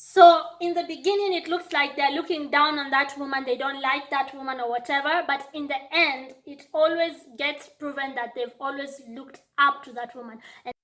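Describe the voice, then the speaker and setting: Young woman, bright high voice, earnest and reflective vlogger. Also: fairly even intonation, moderate pace, few pauses. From Kenya. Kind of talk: casual monologue.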